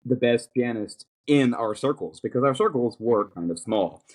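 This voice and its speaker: A man's voice: medium pitch, expressive, moderate pace, a little mellow. A young man hosting a podcast, chatting casually and thinking aloud with many fillers and restarts. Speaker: podcast host. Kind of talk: casual chat.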